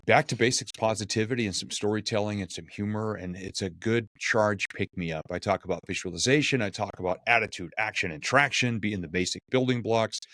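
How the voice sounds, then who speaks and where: A man, a keynote speaker, telling lively stories in a podcast conversation and acting out the quotes. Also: on the low side, fairly quick, hardly any pauses, dry recording, clean studio sound. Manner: animated, acts out quotes and jokes.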